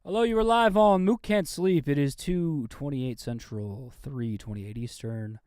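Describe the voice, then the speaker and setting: A man's voice: mid-range voice, measured pace, darkish tone, smooth. Joking, foul-mouthed call-in host man. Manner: loose, joking, swears freely. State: tired, losing steam. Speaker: host taking live calls. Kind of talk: late-night call-in stream chat.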